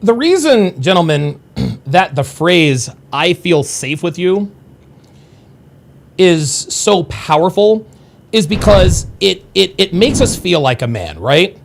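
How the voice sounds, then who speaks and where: A man's voice: sits high, very animated, slow, gravelly, background noise. A man hosting a solo dating-advice podcast, lecturing his listeners emphatically and often tagging lines with "okay?" and "right?".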